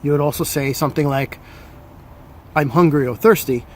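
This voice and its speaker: American man, italian teacher, fairly high voice, patient, repeats examples, faint background hum. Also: normal speed. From New Jersey, USA. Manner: switches between English and Italian phrases. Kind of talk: language lesson.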